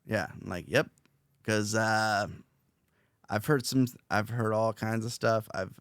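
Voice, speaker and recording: A man's voice: on the low side, steady tone, unhurried, fairly bright tone, clean tone, no room sound, clean studio sound. A young man hosting a podcast, talking casually in a rambling, self-reflective way with many fillers and restarts. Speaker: podcast host, interviewed as guest.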